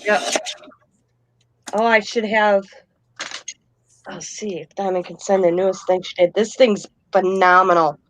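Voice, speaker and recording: An older woman hosting a casual chat, telling lively stories about her granddaughter. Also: medium pitch, unhurried, pauses often, rough recording. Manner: animated storyteller, quotes her granddaughter. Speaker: host.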